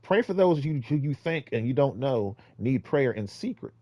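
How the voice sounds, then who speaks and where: A man talks through his ideas on street preaching in a loose, rambling monologue, full of restarts. He swings between loud, emphatic bursts and low, muttered asides. His voice sits at a middling pitch, recorded close and dry with no room echo. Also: lively intonation, normal speed. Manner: rambling, exhorting, with many restarts. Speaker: vlogger giving street-preaching advice.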